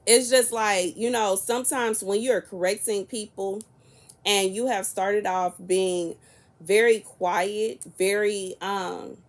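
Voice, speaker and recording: A woman in her early thirties, talking casually to camera in a soft-spoken, chatty and rambling way. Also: medium pitch, fairly even intonation, slow. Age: 30s. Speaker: prophetic content creator.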